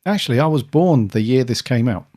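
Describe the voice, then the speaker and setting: Relaxed man in his forties. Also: mid-range voice, brisk. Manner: relaxed, with many fillers. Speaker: podcast co-host. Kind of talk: casual chat.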